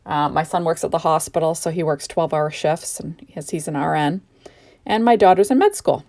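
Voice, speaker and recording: Deep and darkish, this woman's voice moves fairly quickly. She's a middle-aged Canadian card-maker narrating a home crafting tutorial, yawning and sleepy yet gushing and chatty, with rambling asides.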